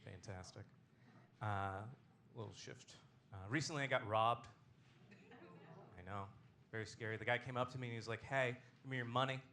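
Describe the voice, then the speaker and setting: A man hosting a comedy show, doing a stand-up set with a deadpan, self-deprecating delivery on a club stage. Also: fairly low pitch, normal speed, long pauses, slight background noise.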